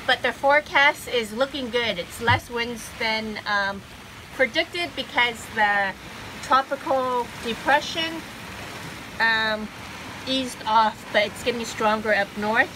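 A woman's voice: on the high side, slow pace. A woman in her forties narrating a casual sailing vlog as she films on her boat with a phone. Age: 40s. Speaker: sailing vlogger. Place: on a sailboat. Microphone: phone camera. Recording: noisy outdoor boat recording.

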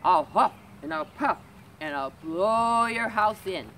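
A woman voicing a greedy big bad male wolf in a storybook reading, loud and drawn-out, huffing her words. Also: medium pitch, lively intonation, slight background noise. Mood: menacing.

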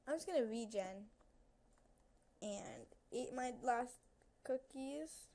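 A young woman with a fairly high voice talks through her game on a headset at home. She sounds nervous and chatty, calling out to creatures and to her viewers. A faint hiss sits under her voice. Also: expressive, slow pace, long pauses, warm tone. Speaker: gaming video creator. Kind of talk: casual gameplay commentary.

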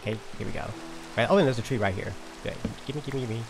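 Gravelly-voiced man narrating his gameplay. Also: mid-range voice, fast, over loud music. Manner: talks to himself while playing, frustrated outbursts. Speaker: Minecraft let's player. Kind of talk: uncut gameplay commentary.

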